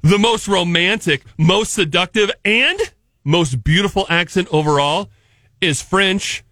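Jokey high-voiced radio host man. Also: unhurried, bright, forceful tone, dry recording, clean studio sound. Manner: jokey, does goofy fake accents. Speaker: radio morning show host. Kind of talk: casual radio banter.

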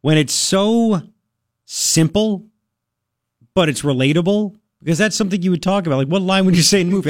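A man's voice: high-pitched, animated, a little fast, no echo, clean studio sound. A man hosting a radio talk show, chatting casually and laughing, mocking people in a playful voice. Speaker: radio host.

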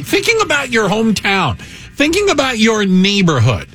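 A man's voice: high-pitched, huge pitch swings, normal speed, over music. A man co-hosting morning radio in a studio, wry and jokey. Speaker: radio co-host. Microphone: close studio mic.

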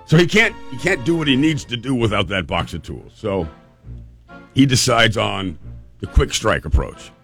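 A man's voice: lowish voice, very animated, moderate pace, vocal fry, a bit bright, faint music behind. A man hosting a show, telling a funny story in a casual, chatty way with restarts. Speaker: podcast host.

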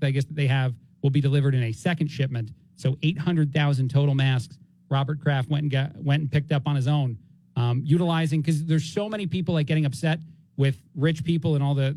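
A man's voice: medium pitch, dark tone, dry recording, low-quality recording. A man from New Jersey hosting a talk radio show from a home basement studio, rambling and chatty with lots of fillers. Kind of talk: casual talk radio chat.

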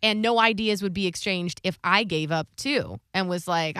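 Bright-voiced woman co-hosting radio. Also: fairly low pitch, normal speed, few pauses, smooth, dry recording, clean studio sound. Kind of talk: casual studio chat. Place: radio studio.

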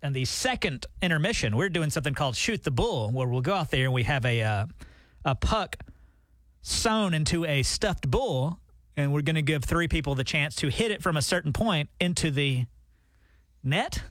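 A man's voice: fairly high pitch, expressive, moderate pace, a bit bright, dry recording. A man co-hosting a radio show, talking in playful, teasing banter with his partner. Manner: teasing, playful, self-mocking. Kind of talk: casual morning show banter.

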